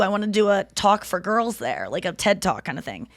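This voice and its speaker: A woman's voice: mid-range voice, lively intonation, unhurried, a bit bright, no room sound, studio quality. A woman in her thirties hosting a podcast, telling rambling stories in casual chat and swearing freely. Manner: chatty, rambling storyteller who swears freely. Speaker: podcast host.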